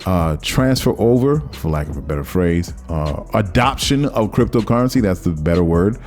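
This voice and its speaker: A man's voice: deep voice, expressive, moderate pace, a little mellow. A man hosting a podcast, talking through a story in a loose, rambling way and often searching for words. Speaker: podcast host. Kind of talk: casual solo commentary.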